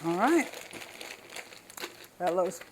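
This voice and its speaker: A woman's voice: lowish voice, very animated, very slow, slightly rough, rough recording. Older woman, Southern US accent, folksy and chatty, home kitchen cooking demo. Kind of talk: casual cooking demonstration.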